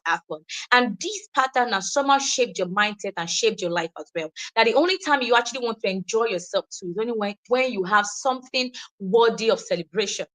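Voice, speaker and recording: A young woman with a Nigerian accent giving an informal teaching session, animated and quick to laugh, acting out the people she quotes. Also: mid-range voice. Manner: animated, acts out quoted voices, laughs often. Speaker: wellness speaker.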